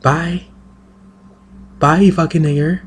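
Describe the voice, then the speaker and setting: A man voicing a falsely friendly, mock-polite person who sneers underneath, with a husky tone. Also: on the high side, fairly even intonation, takes it slowly, a little hiss or hum, voice pushed up.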